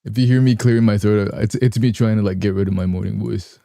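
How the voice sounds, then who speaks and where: A young adult man chats easily and softly with his live stream audience in a deep, very dark voice that's still a bit rough from the morning, and he keeps clearing his throat. His intonation stays fairly even and his pace is quick. The recording is close and dry, with no sense of room around it.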